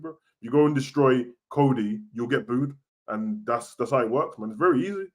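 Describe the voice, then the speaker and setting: Slangy young man chatting. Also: mid-range voice. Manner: casual slangy and animated, swings loud and soft. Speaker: wrestling show host. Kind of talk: live-stream chat reading comments.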